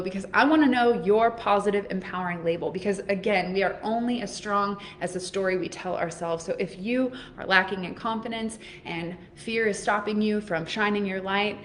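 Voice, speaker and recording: A woman's voice: mid-range voice, normal speed, hardly any pauses, a little hiss or hum. A woman in her thirties hosting a live oracle card reading, talking straight to her viewers in an upbeat, encouraging way. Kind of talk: live-streamed motivational talk.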